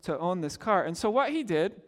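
This pastor, a middle-aged man, has a high, fairly bright voice with big pitch swings, delivered at normal speed and trailed by a long reverb. His sermon unfolds as conversational storytelling with quotes acted out.

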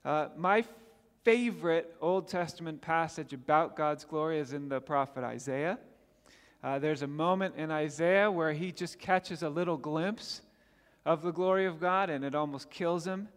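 A man with a high-pitched voice preaches a sermon with earnest emphasis and lifts his voice on his questions. The long reverb of a church hall trails after each phrase. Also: normal speed, clean tone. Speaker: pastor. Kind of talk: sermon with scripture reading.

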